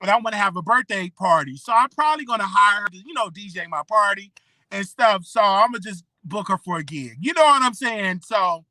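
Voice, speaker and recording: Emphatic blogger in their thirties, bright voice. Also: medium pitch, animated, a little fast, slight background noise. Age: 30s. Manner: emphatic, repeats "okay?" and "you know what I'm saying". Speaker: blogger and show host. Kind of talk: solo commentary vlog.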